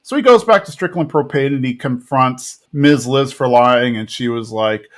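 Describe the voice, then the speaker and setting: Man, podcast host, casual recap, animated retelling, mid-pitched voice. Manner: animated retelling, quick character quotes, laughs.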